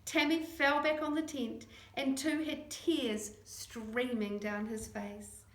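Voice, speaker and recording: A woman narrating a children's chapter book, acting out the dialogue in lively voices. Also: sits high, slow pace. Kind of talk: audiobook reading. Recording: echoey room.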